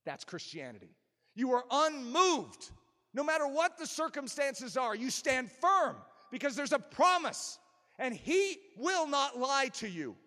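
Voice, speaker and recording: Animated male preacher in an echoing hall. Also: very high voice, a little slow. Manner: emphatic, animated preaching with self-deprecating humor. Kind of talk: sermon. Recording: long reverb of a large hall.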